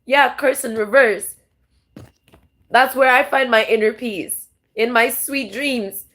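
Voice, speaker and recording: A woman's voice: on the high side, takes it slowly, a bit bright. A woman tarot vlogger talking to camera in a raw, rambling, emotional monologue, swearing often and restarting her sentences.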